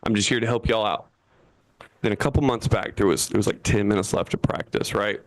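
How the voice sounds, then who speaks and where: Animated man doing stand-up, sitting down. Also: brisk. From Florida. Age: 30s. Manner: animated, jumps to high voices for quoted people. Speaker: stand-up comedian. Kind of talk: stand-up comedy set. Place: online Zoom comedy show, seated.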